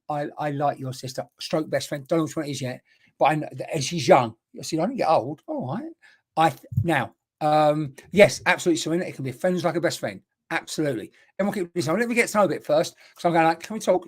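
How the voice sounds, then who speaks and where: A woman's voice: deep voice, a little mellow. A woman working as a spiritual medium, giving a live-streamed reading in a chatty, repetitive way and greeting viewers by name with endearments.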